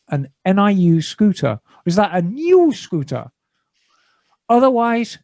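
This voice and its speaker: A man with a notably high voice co-hosts a casual podcast, reading a listener's email aloud and breaking off with dry, jokey asides. His voice is close and dry, with no room sound around it. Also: mellow, no echo. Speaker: podcast co-host. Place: garage studio.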